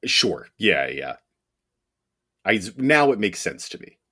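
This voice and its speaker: A man's voice: fairly low pitch, very animated, takes it slowly, pushed and bright, husky. A man co-hosting a podcast in casual chat, thinking aloud with fillers and chuckles. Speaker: podcast co-host.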